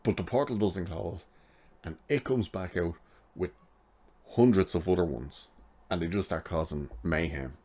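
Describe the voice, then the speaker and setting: His voice sits low, mellow and slightly breathy, and he talks a little slowly. The TV episode reviewer casually rambles through his recap of the episode, dropping "like" again and again.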